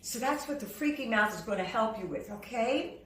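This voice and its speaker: A woman vocal coach teaching a singing lesson, talking in a lively, demonstrative way and breaking into sung and shouted examples. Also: on the high side, fairly quick, slight background noise. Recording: roomy sound, slightly distant from the mic.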